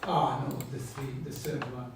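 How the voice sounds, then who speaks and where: A man teaching a hands-on software class, talking haltingly with many fillers and restarts. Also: mid-range voice, little pitch movement, background noise. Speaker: instructor. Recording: echoey classroom from far off.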